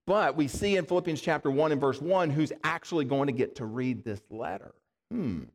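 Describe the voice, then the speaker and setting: A man's voice: on the high side, normal speed. Man preaching in a reverberant hall. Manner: conversational, asks rhetorical questions. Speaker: pastor. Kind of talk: sermon.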